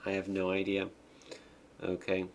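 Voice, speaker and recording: With a low-pitched voice and a measured pace, a man streaming a game reads the on-screen text aloud and offers wry, deadpan asides in a casual commentary.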